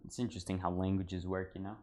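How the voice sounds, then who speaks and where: A fairly low-pitched American man on a livestream, talking casually to his chat as he cooks in his home kitchen. He rambles from one thought to the next and drops "dude" often. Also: little pitch movement, quick pace, a little mellow. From United States. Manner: talks to chat while cooking. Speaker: cooking livestreamer.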